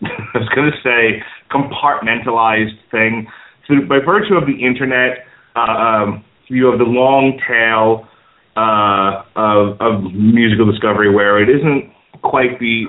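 Lively low-voiced male talk show host. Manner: animated, quick to laugh and interject. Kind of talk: casual talk show conversation. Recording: phone-like narrow sound.

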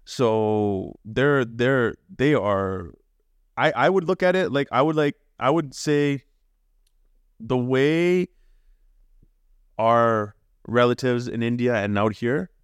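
A young Canadian man co-hosting a podcast, talking with passion and preaching hard, swearing freely and jumping to high emphatic peaks. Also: slow pace, clean tone, no room sound. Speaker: podcast co-host. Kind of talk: casual podcast chat.

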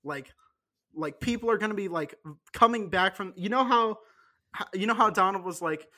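High-voiced man in a joking podcast chat. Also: normal speed, sharp tone. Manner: rambling, joking, frequent laughs and restarts. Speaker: podcast co-host. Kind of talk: casual chat.

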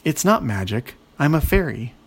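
A man's voice: on the high side, very animated, moderate pace, husky, full character voice. A man voicing a tiny, haughty invisible fairy in a children's story, talking down to the listener. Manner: haughty, condescending. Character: snooty invisible male sky fairy, tiny.

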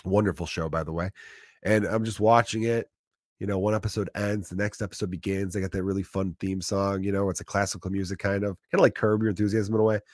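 A man's voice: deep voice, little pitch movement, fast talker, no room sound, studio quality. A man in his thirties with a profane, rambling style in a casual comedic monologue.

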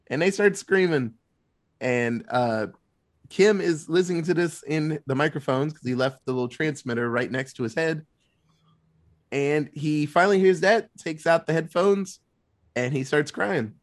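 A man in casual chat retelling a movie plot, animated and loose, swearing freely. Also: on the high side. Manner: animated, swearing, quick asides.

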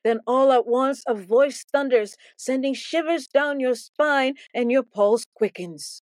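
A woman's voice: high voice, unhurried, a little mellow, no echo. A woman teaching a Bible lesson as playful, theatrical storytelling, often repeating words for effect.

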